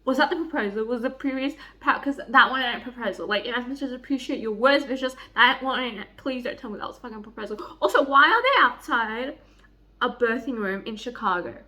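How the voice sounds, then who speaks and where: A young woman chatting excitedly in a book vlog, gushing, giddy and swearing freely. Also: fairly high pitch, brisk. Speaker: book vlogger. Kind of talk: excited reading vlog chat.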